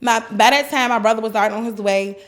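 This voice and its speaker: A young woman with a fairly high voice tells her story in an animated, chatty way. She talks loosely and colloquially and drops into other people's voices as she quotes them. It is relaxed podcast conversation. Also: quick pace. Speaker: podcast guest, mother. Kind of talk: casual storytelling.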